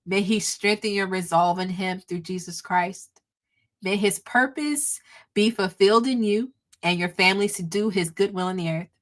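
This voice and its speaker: A woman's voice: mid-range voice, moderate pace. A woman hosting a livestream, leading a fervent spoken prayer and blessing for her viewers, coming back again and again to "oh God", emotional and close to tears, with a light lilt. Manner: fervent, repeats "oh God" between phrases. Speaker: livestream host.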